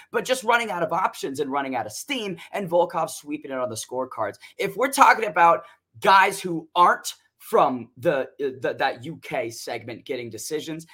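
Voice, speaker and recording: A man's voice: on the high side, sharp tone. A man co-hosting a casual podcast, giving loose, confident fight predictions and swearing freely. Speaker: co-host picking fights. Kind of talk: casual sports predictions chat.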